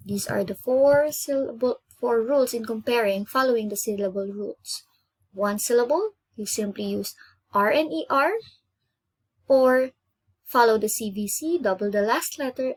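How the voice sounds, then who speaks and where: A woman with an Indonesian accent, pitched fairly high and a little breathy, teaches an online grammar lesson. She speaks patiently and spells things out, repeating each example slowly so learners can follow. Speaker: English teacher.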